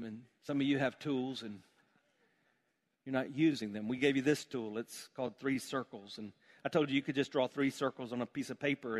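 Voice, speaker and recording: A man preaching a sermon as pastor, building to emphatic calls and asking the congregation to repeat phrases. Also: mid-range voice.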